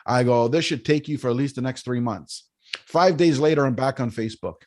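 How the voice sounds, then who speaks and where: Male guest, lively anecdote teller, mid-range voice, easygoing and chatty. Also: medium pitch, fairly quick. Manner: animated storyteller, keeps asking "right?". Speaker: podcast guest, business coach. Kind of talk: casual storytelling interview.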